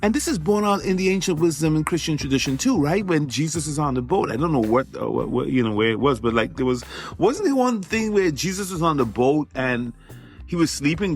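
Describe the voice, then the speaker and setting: Male physician-host, lively pitch, emphatic and chatty, faint music underneath. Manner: emphatic, conversational, repeats phrases for effect. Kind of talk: motivational podcast monologue.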